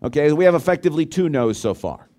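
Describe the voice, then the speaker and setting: Animated preacher, a man with a fairly high voice. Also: fast talker. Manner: animated, swings between loud emphasis and quiet low asides; conversational, asks the congregation questions. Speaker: pastor. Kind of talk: sermon.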